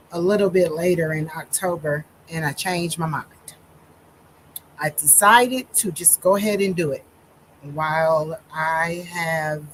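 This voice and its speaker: A woman minister telling her own story in a slow, deliberate monologue with many pauses and fillers, holding back tears. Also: low-pitched, a little hiss or hum, poor audio.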